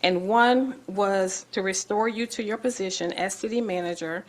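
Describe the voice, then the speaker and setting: A woman city commissioner speaking deliberately at a public meeting, reading out items and making a formal motion. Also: medium pitch. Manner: measured, deliberate, reads out items.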